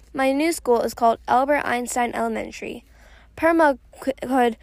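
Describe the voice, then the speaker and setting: Young woman reading a kids' novel, high voice with some fry, dry close mic. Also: dry recording. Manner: steady first-person reading with small slips. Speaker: reader.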